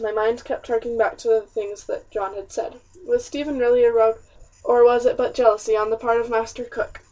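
A woman reading a first-person historical story as an audiobook narrator, measured and storytelling. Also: fairly high pitch, dark tone. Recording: distant, dull lo-fi recording.

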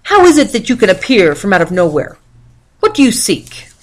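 A woman reading aloud, voicing a stern, commanding king who speaks loudly. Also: mid-range voice, very animated, a little fast. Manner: loud, questioning.

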